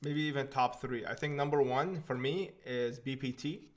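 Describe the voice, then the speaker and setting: A man's voice: medium pitch, normal speed. A young man hosting a live stream, reading out viewer questions and answering them in an offhand, casual way. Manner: laid-back and offhand, often says "man". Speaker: livestream host.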